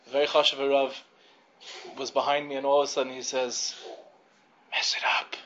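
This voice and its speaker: A man tells a story to a class in a room with a live audience. He talks conversationally, restarts his sentences and leans on fillers, and his voice sits at an ordinary middle pitch. The recording is dull and lo-fi, with faint noise behind him. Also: little pitch movement, a little fast. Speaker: teacher speaking to a class of girls. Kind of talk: storytelling lecture.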